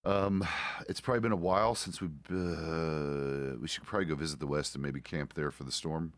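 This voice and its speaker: Low-voiced middle-aged male streamer. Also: fairly even intonation, moderate pace, no room sound, clean studio sound. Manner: rambling, self-correcting, casual swearing. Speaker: streamer playing a deputy. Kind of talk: casual roleplay stream chat.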